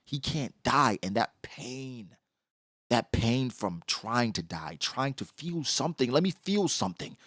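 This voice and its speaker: A man giving casual, slangy commentary on a comic chapter, acting out characters in quick asides. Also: medium pitch, animated, fairly bright tone, no room sound, clean studio sound. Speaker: manga reaction host.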